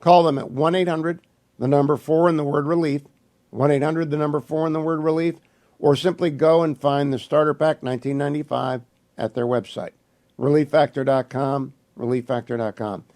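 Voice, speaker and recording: Hoarse older man reading radio ads. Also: on the high side, fairly even intonation, a little mellow. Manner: brisk, emphatic, repeats phone numbers. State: losing his voice. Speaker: radio talk show host. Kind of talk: live radio ad reads. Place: radio studio.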